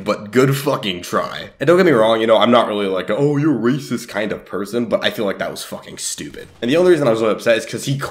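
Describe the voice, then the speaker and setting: A teenage boy telling a life story to camera in a rambling, casual way, swearing often and swinging his pitch up and down. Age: teens. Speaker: YouTuber storyteller.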